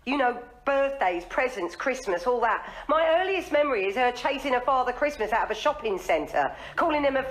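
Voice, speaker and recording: An actress playing an earnest, anxious middle-aged wife, speaking in a fretful, self-deprecating sitcom manner. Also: female voice, sits high, expressive, brisk, hardly any pauses. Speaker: wife and daughter. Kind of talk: sitcom acting.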